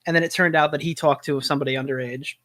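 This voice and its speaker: A man's voice: on the high side, fairly even intonation, very fast, fairly bright tone, dry recording, studio quality. A man hosting a livestream, chatting casually with a crude, joking manner. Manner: crude, joking, breaks into laughter. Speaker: commentary streamer host.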